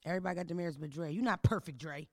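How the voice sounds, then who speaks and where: A woman hosting an advice podcast in a studio, telling stories in a loud, profane, animated way. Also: fairly low pitch, very fast, no room sound. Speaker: podcast host giving advice. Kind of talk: casual comedic chat.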